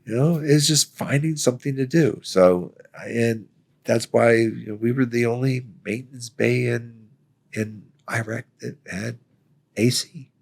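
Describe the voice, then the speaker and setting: A man's voice: mid-range voice, a little slow, creaky, a little mellow. A man from Florida, a veteran, telling a story casually, acting out the quoted lines and laughing often. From Florida, United States. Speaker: guest, Army veteran.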